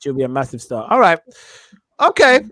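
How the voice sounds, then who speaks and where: A man hosting a casual wrestling podcast, animated and laughing easily. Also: on the high side, brisk, no echo. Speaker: podcast host.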